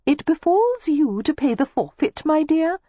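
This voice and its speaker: A woman's voice: sits high, sing-song, unhurried, no room sound, lo-fi sound, pitched above the performer's own voice. A woman voicing a cheerful, genteel aristocratic hostess in an audiobook. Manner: gay and genteel. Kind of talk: audiobook character voice.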